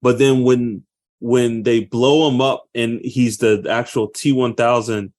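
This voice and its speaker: A man in his thirties, co-hosting a podcast, telling stories in an animated, laughing way. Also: medium pitch, measured pace. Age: 30s. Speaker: podcast co-host. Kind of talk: casual chat.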